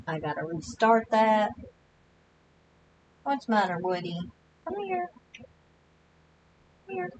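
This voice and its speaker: Woman game streamer, bright tone, slow quiet self-talk. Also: fairly low pitch, slight background noise. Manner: quiet, murmuring to herself. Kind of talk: casual gameplay commentary.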